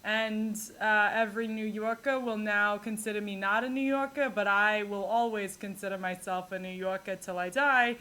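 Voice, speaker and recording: A woman's voice: medium pitch, fairly even intonation, moderate pace, few pauses, sharp tone, close to an everyday voice. A woman voicing an older Long Island grandmother who complains, with a Long Island accent, as a comic impression. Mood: kvetching. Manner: kvetching, emphatic, repetitive. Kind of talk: comedic impression in a podcast monologue.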